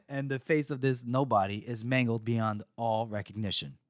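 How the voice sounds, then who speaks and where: A young man co-hosting a podcast, retelling a book chapter in casual chat, animated and laughing as he acts out lines. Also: medium pitch, normal speed, no echo, studio quality.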